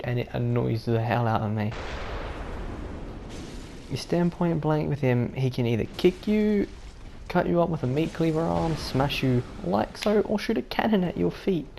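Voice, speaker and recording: Low, gravelly woman doing gameplay commentary. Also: expressive, normal speed, dark tone, a little hiss or hum. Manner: rambling, repeats herself, self-mocking; putting on an unnamed accent. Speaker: gaming channel host.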